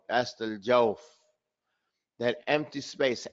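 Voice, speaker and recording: A man's voice: mid-range voice, fairly even intonation, slow pace, long pauses. Man, teacher, quizzing students by name, mixing two languages, dull lo-fi recording. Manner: quizzes students by name, switching between Arabic and English. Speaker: tajweed teacher. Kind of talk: classroom lesson.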